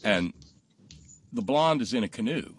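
A man hosting a talk show, telling jokes casually and acting out the punchlines loudly. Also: medium pitch, unhurried, husky. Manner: animated storyteller, acts out punchlines loudly.

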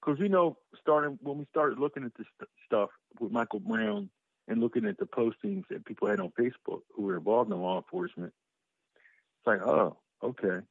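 A man co-hosting a casual talk show, telling an animated story with lots of swearing and stumbling restarts. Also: mid-range voice, moderate pace, vocal fry, no echo. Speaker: co-host. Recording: muffled lo-fi sound.

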